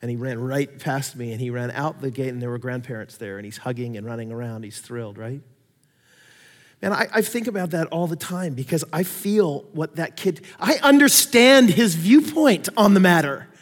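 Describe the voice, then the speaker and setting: A man preaching a sermon, telling stories with animated swings between loud emphasis and quiet asides. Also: high voice, long reverb tail. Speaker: pastor.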